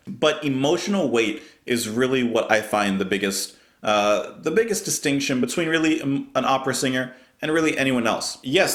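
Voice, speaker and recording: A man's voice: mid-range voice, fairly bright tone, echoey room. A man giving casual, thoughtful commentary while reacting to music, explaining what he hears. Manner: thoughtful, explanatory, pauses to restart.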